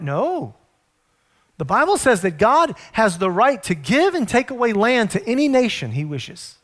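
Middle-aged male pastor, higher register, earnest storytelling sermon delivery. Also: very animated, fairly bright tone. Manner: earnest, storytelling preacher, slows to stress points.

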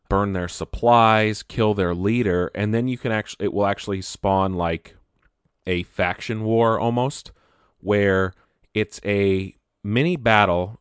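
Low-voiced young man rambling about games. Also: no echo, studio quality. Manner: rambling, frequent restarts and stumbles. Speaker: gaming video host. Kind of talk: casual gaming news chat.

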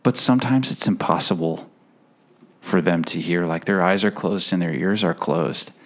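Male podcast guest, deep voice, earnest storyteller, emotional, halting restarts and soft laughs. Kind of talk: personal faith story in a conversational interview.

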